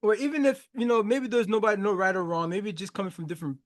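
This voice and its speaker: In a high voice with fairly even intonation, a man talks fast on his podcast. He comments loosely on a song's lyrics, dropping slang, repeating himself, and laughing frequently.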